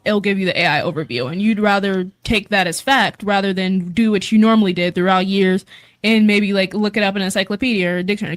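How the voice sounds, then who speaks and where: A teenage girl, a high school student guest, chatting casually with a rambling, filler-heavy way of talking. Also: no echo. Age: teens. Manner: rambling, quick, lots of fillers. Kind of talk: casual chat.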